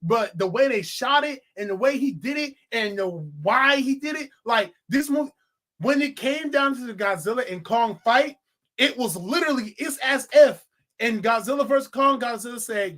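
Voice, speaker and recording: A young man giving a casual, animated movie review, swearing freely and laughing often. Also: very high-pitched, moderate pace. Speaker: film reviewer.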